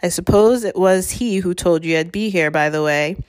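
A woman's voice: lowish voice, moderate pace, close to an everyday voice. A woman reading aloud, voicing a wise old male wizard who speaks heavily, firmly and seriously. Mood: grave. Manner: heavy, firm, serious.

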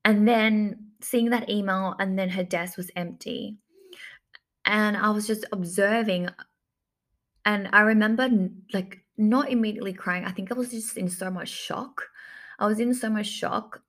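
A woman's voice: mid-range voice, steady tone, unhurried, fairly bright tone. A woman telling a personal story in a reflective, repetitive way, often saying "like" and circling back to the same phrases, as a coach talking to her audience. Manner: reflective, repeats phrases, filler-heavy. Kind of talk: personal story told to camera.

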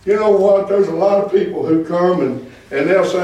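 Male pastor, fervent sermon, high voice, distant mic in a roomy church. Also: fairly even intonation, fairly quick, few pauses. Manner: preaching with call-and-response, rising to shouts. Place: church sanctuary. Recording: echoey church hall from far off.

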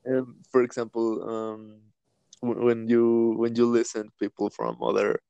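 A man's voice: medium pitch, unhurried, gravelly, dark tone, clean tone, dry recording, muffled recording. A man from hosting a casual podcast, hesitant, with many ums, and laughing often. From Latin America. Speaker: podcast host.

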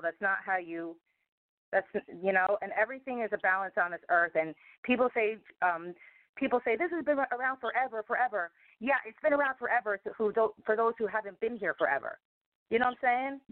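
A woman appearing as a talk show guest rambles casually, meandering and emphatic with many fillers. Her medium-pitched voice comes through tinny, dry phone-line audio with no room sound.

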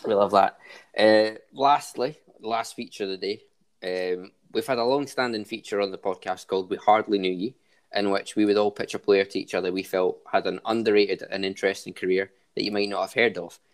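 A man with a slightly low voice hosts a laid-back podcast chat. He runs the quiz with upbeat energy. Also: steady tone, a little fast. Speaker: podcast host. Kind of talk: casual chat.

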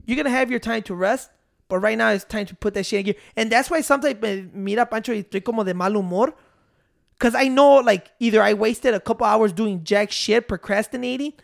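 Gravelly young man in casual profane chat. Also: high-pitched, brisk. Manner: rambling, profane, animated storytelling. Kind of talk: casual chat mixing English and Spanish.

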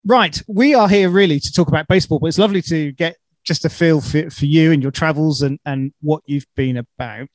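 Man, podcast host, chatty, a touch high, dry close sound. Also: fairly quick, few pauses, no room sound. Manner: chatty, enthusiastic, repeats words when starting. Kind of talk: casual interview chat.

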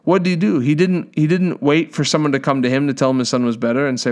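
A man preaching a sermon, telling a healing story with lively quoted voices and reading scripture aloud. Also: on the high side, fast, few pauses.

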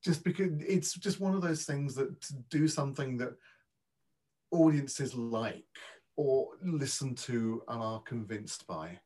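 Husky-voiced British man telling anecdotes. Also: mid-range voice, a little slow, a little mellow. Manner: anecdotal, hesitant restarts, modest. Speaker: accent and dialect coach. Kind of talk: conversational interview.

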